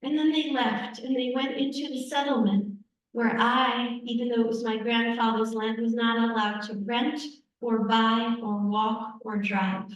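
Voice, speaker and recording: A middle-aged woman from the United States tells a personal story to a gathering at a church, her voice pitched high. She speaks conversationally, repeating phrases for emphasis. The recording catches her from a distance in a big, echoey hall. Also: level tone, unhurried, lo-fi sound. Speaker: invited speaker.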